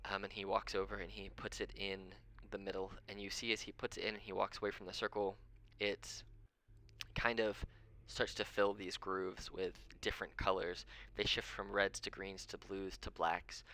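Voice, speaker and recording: A man running a tabletop game as game master, narrating in a loose, rambling way full of ums. His voice sits low in pitch yet has a bright, forward edge. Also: little pitch movement, moderate pace. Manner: rambling, lots of ums, chuckles often.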